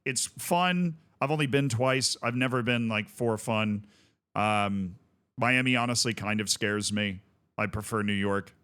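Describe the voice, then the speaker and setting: A man's voice: on the low side, a little slow, pushed and bright, clear, resonant tone. A man streaming a game, chatting casually with viewers in rambling, jokey asides. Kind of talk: casual gaming stream chat.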